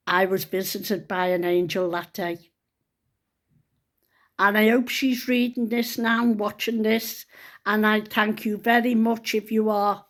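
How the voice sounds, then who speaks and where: Measured in pace, medium in pitch and steady in tone, an older Liverpool-accented woman vlogs to camera. Her story is personal and emotional, told in a heartfelt, chatty style with local dialect.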